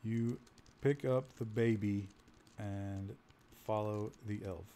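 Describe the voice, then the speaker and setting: A man's voice: lowish voice, steady tone, slow, warm tone, slight background noise. A male streamer reading a text adventure game aloud to his chat, amused and commenting as he goes. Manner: amused, breaks into laughter at the story; addresses chat directly.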